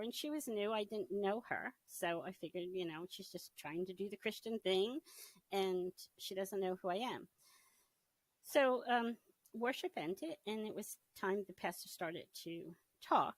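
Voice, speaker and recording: A middle-aged woman giving a personal testimony in an interview, telling her story in a casual, animated way and often laughing as she acts out her past thoughts. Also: medium pitch, moderate pace, low-quality recording. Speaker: interview guest.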